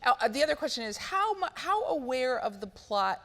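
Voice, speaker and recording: A woman's voice: sits high, very animated, moderate pace, pushed and bright. A woman interviewing a guest on stage at a live event, asking her own questions and reading out questions from the audience in a conversational way. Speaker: interviewer, documentary director. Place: large auditorium, live event. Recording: live hall with long reverb.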